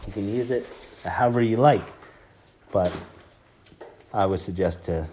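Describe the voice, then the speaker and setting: Man, informal sermon, conversational then emphatic, echoey room, loud background noise. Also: on the low side, a little slow. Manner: conversational, rising to emphatic preaching; frequent "like" and "you know" fillers. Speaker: preacher.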